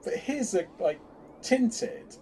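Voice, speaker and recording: A man's voice: very high voice, takes it slowly, a little hiss or hum. A man co-hosting a casual fan chat, talking in bursts with lots of restarts. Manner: chatty, hesitant restarts, animated bursts. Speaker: podcast co-host.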